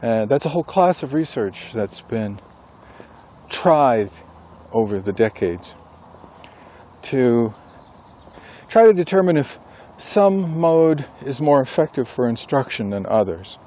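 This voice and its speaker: A man who writes books and teaches a class, talking casually and thinking aloud with pauses and self-corrections. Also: mid-range voice, big pitch swings, dark tone, slight background noise. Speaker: author and instructor. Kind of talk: casual rambling monologue.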